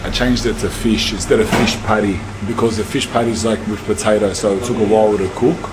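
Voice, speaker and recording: A man's voice: on the low side, steady tone, fast. A man vlogging casually outdoors in a cold town, chatting in slang and calling people bro. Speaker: YouTuber and rapper. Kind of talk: casual travel vlog talk. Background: street and traffic sounds.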